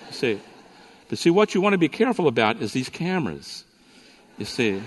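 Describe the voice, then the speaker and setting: A man delivers a lively sermon-style talk at a conference, his voice sitting a little high and carrying a long reverb from the hall. He swings between storytelling and teaching, tossing playful asides to the crowd. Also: brisk, slight background noise. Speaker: conference speaker.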